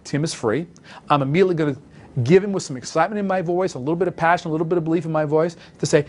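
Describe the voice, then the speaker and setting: Fast-talking, emphatic male sales coach. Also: on the high side, a little mellow. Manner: emphatic, coaching, acts out phone calls. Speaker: sales trainer. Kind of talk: instructional talk.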